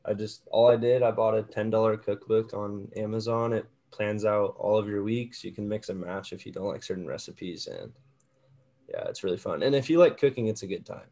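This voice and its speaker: A man's voice: on the low side, brisk, dark tone. A young man co-hosting a podcast, chatting in an easygoing way with frequent hesitations. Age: young adult. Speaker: podcast co-host. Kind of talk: casual chat.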